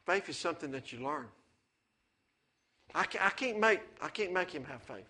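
Male pastor, high and bright, folksy preaching that builds to excitement. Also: normal speed. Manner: folksy storytelling, rising to excited preaching with amens. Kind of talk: sermon.

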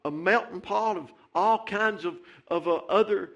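A man's voice: sits high, a little slow, fairly bright tone, highs cut off. A man preaching a fervent sermon in church, repeating phrases and calling out "Amen.". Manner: fervent, repetitive, calls out "Amen" and "Hey".

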